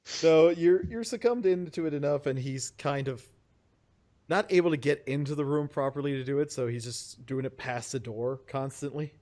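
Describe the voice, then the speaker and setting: A man narrating as game master in a casual tabletop game, halting and full of fillers, laughing often. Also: a little high, darkish tone.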